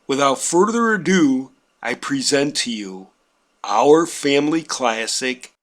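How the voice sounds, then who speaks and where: This man's pitch is medium and expressive, and he takes his time. He's a painting instructor recounting a funny family tale at his own expense, dry and deliberately overblown.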